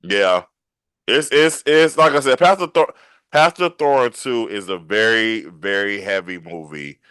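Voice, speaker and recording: A man hosting a casual interview podcast, animated and laughing easily, often repeating his phrases. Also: lowish voice, unhurried, smooth, no room sound. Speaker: podcast host and writer.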